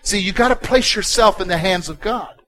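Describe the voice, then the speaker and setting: Pastor, male, high-pitched voice, dynamic sermon delivery that moves between hushed and loud. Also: normal speed, low-quality recording. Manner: dynamic preaching, swinging from soft to loud and emphatic.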